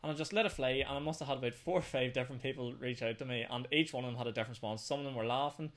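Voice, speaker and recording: A young man hosting a podcast, telling stories in casual chat and swearing freely. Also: medium pitch. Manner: rapid, swearing, storytelling. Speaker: podcast host.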